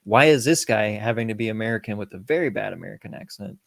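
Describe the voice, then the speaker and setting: A man's voice: lowish voice, fast talker, vocal fry, dry recording. A man co-hosting a film review podcast, chatting casually, swearing freely and acting out quotes. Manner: profane, animated, acts out quotes. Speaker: podcast co-host.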